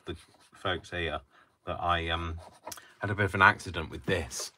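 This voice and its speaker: A man with a low, deep voice and a bright, forceful edge talks through a craft project on a live stream. He is chatty and wry, with a faint background hiss. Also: fairly even intonation, moderate pace. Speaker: crafting host. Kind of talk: live crafting tutorial chat.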